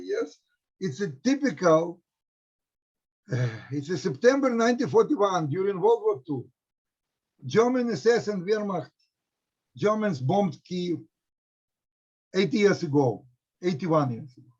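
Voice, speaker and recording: A middle-aged man with a Ukrainian accent speaks halting English, with many restarts, as a historian talking to students. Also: high voice, vocal fry, darkish tone, slightly rough. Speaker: historian, research center director. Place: home in a war-hit city. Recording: dull lo-fi audio.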